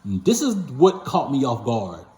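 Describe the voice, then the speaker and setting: This channel host runs a patient transport company and is speaking in a mid-range, warm voice. His pitch swings hugely while his pace stays measured. He rambles through a casual story for viewers, full of fillers and corrections of himself, in a room with a noticeable echo.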